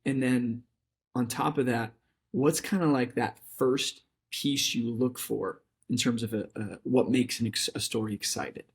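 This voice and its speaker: Guy hosting a podcast, mid-pitch voice, lots of uh and yeah, friendly and hesitant. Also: steady tone, measured pace. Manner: upbeat, affirming, hesitant restarts. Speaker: podcast host. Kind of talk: casual interview hosting.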